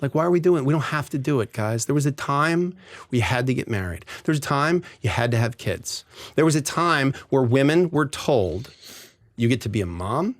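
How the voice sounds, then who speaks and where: A middle-aged man talking as a podcast guest in casual chat, animated and profane, acting out the voices he quotes. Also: medium pitch, normal speed. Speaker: podcast guest, divorce lawyer. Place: tent.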